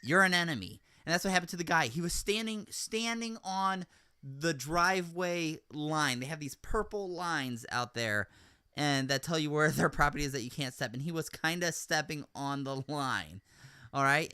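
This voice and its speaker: A man hosting a podcast, recounting events in casual chat, rambling with many fillers and getting animated when he rants. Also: on the high side, moderate pace, clean tone, no room sound, studio quality. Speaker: podcast host.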